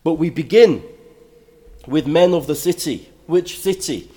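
An older man reads scripture aloud in a sermon, then explains it in a measured manner that becomes emphatic. His voice is a little high with a dark tone.

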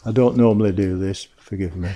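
A man preaching a sermon, apologetic and flustered over his references, then reading scripture in a measured, solemn tone. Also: low-pitched, fairly even intonation, dull audio, background noise.

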